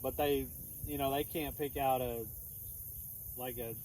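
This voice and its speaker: Casting note: laid-back Texan man, mid pitch, rambling stream chat outdoors, faint crickets behind. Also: fairly even intonation, unhurried, a little mellow, slight background noise, poor audio. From Texas. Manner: rambling, easygoing, with many restarts. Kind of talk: casual chat. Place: outdoors in the countryside. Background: crickets and insects chirping faintly.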